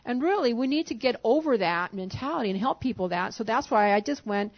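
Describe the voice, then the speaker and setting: A woman with a fairly high voice leads a church service in a relaxed, coaxing way, chuckling as she goes. The sermon comes through a dull, lo-fi recording. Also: fairly quick, hardly any pauses. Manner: conversational, coaxing, often chuckling. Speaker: pastor's wife leading a church service. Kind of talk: informal sermon talk to a congregation.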